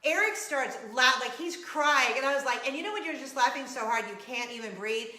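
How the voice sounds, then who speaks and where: A middle-aged woman hosting a casual vlog, telling a story in an animated way and laughing as she acts out scenes. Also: sits high, fairly quick. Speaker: vlog show host. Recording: echoey room.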